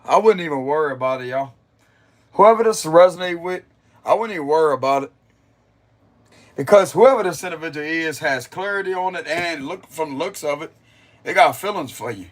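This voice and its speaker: A man's voice: on the high side, expressive, fairly quick. A young man giving a casual, rambling spiritual reading on a livestream and chatting loosely with his viewers, laughing often as he goes.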